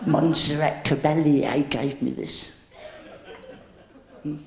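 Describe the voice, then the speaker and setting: A man's voice: on the high side, fairly even intonation, slow pace, vocal fry, heavy background noise. A man doing live stand-up comedy, teasing audience members in a cheeky way. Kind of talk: live stand-up with crowd banter. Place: large theatre stage. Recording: echoey live theatre tape with loud crowd.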